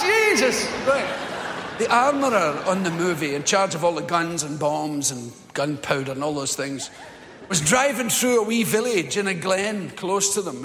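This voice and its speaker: A man's voice: high-pitched, noisy background. Swearing Scottish stand-up man. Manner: rambling, swearing, laughing. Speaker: stand-up comedian. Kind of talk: live stand-up storytelling. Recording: echoey live hall with audience.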